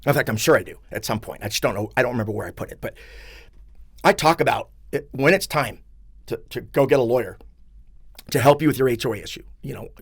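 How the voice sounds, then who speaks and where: A man's voice: mid-range voice, quick pace, husky, dry recording, studio quality. A middle-aged man, an attorney and author, talking earnestly and emphatically in a casual podcast conversation, with a self-deprecating streak. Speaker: attorney and book author, guest.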